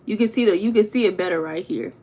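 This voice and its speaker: A young woman hosting a casual livestream, chatting with viewers, greeting them by name and telling stories with lively emphasis. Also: mid-range voice, fast talker. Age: young adult. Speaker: livestream host.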